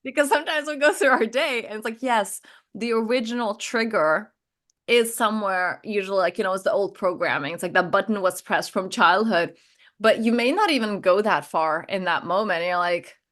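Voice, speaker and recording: A woman's voice: mid-range voice, normal speed, fairly bright tone. A middle-aged woman coach chatting candidly and animatedly over a video call, with many fillers and easy laughs. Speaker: transformation coach. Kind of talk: casual spiritual conversation.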